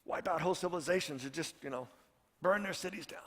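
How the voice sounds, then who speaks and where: A man's voice: on the high side, fast talker, fairly bright tone, in a large hall. A man, a pastor, preaching a sermon in a storytelling way and repeating his points for emphasis.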